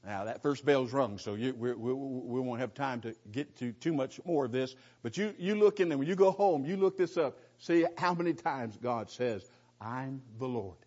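A man's voice: medium pitch, expressive, normal speed, few pauses, a little mellow. A middle-aged man teaching the Bible in a conversational way. He is emphatic, repeats key phrases, asks rhetorical questions and often restarts his sentences with folksy asides. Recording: dull lo-fi recording.

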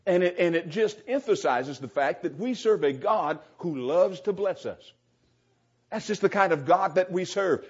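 Husky-voiced preacher, lo-fi sound. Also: male voice, on the high side, a little mellow. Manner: earnest, emphatic, with repetitions and restarts. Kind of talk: sermon. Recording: dull, lo-fi recording.

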